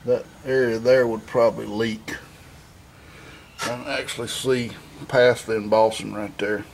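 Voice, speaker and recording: A man's voice: medium pitch, level tone, measured pace, creaky, slight background noise. A man in his garage, rambling casually through an engine install with lots of fillers and self-corrections. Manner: plainspoken, easygoing. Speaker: home mechanic vlogger. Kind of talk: casual shop walkthrough. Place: home garage shop.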